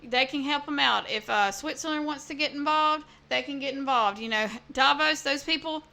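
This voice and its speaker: A woman's voice: high-pitched, moderate pace, gravelly, pushed and bright. A woman co-hosting a podcast, giving blunt opinions in casual chat. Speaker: podcast co-host.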